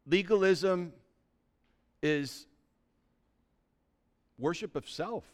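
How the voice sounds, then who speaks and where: A man preaching a sermon as pastor, talking conversationally and building to loud, emphatic peaks, often acting out what people say. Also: high voice, very slow. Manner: acts out quoted voices of believers.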